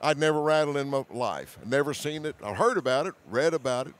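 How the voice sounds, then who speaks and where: Animated man telling hunting stories. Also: medium pitch. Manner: animated storyteller, laughs often; hurried restarts and repeated words. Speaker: hunting show host as guest. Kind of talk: storytelling in conversation.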